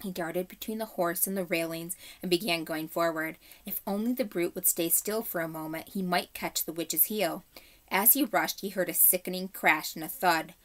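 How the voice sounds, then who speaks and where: A woman teacher reading a storybook aloud to her class in a measured, expressive way. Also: fairly low pitch.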